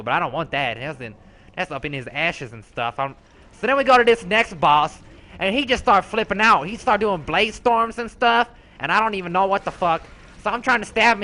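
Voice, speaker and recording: A man's voice: high voice, pushed and bright. A man voicing a sassy, foul-mouthed rogue character, telling a brash, slangy, profane story as comedic commentary.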